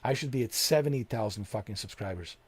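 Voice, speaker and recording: A man's voice: on the low side, quick pace, husky, no room sound. A man streaming a game, ranting angrily and bluntly at his live chat and swearing constantly. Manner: profane, heated, blunt. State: angry. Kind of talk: angry rant to live chat.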